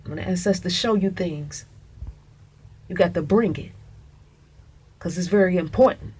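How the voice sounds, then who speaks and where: A woman's voice: fairly low pitch, measured pace, a little mellow, breathy edge. A woman talking straight to the camera in a casual monologue, emphatic and profane, who keeps calling the listener "honey".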